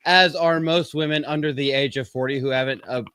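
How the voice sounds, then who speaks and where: On a live-stream commentary show, a podcast host reads quotes aloud and keeps cutting them off with sarcastic asides and a profane, mocking rant. His medium-pitched voice is brisk, pushed and bright with a clean tone and fairly even intonation, recorded dry.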